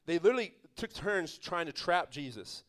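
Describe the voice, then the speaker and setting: A man's voice: on the high side, big pitch swings, normal speed, a bit bright. A man, a pastor, preaching an evening church sermon in an emphatic, conversational way, with laughs and asides to the congregation.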